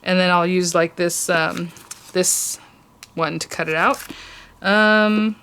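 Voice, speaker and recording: A woman's voice: on the low side, fairly even intonation, slow, pauses often, a bit bright, clear, resonant tone. A woman hosting a casual crafting tutorial, chatty and gushing over cute details as she works.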